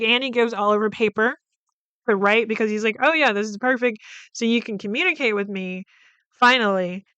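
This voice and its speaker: A woman's voice: a little high, smooth, dry recording. A woman hosting a podcast, casually retelling a film's plot with lots of swearing, fillers and quoted lines. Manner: profane, animated retelling with many fillers. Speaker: podcast host. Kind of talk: casual film recap.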